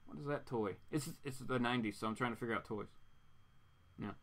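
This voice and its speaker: A man's voice: mid-range voice, brisk, fairly bright tone. A man casually reading a comic book aloud with chatty, amused asides as host.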